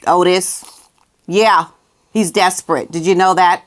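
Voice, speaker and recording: A woman's voice: fairly low pitch, fairly even intonation, a little slow, pauses often. A woman giving casual opinion commentary on her vlog, emphatic and repeating her key phrases, sometimes talking aside to someone off camera. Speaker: commentary vlogger.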